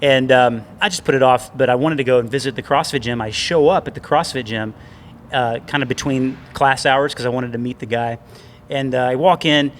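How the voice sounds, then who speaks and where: A man's voice: mid-range voice, fairly quick, few pauses, a little hiss or hum. A man co-hosting a casual talk show, telling a rambling, self-deprecating story with lots of restarts, recorded indoors in a gym. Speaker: podcast co-host.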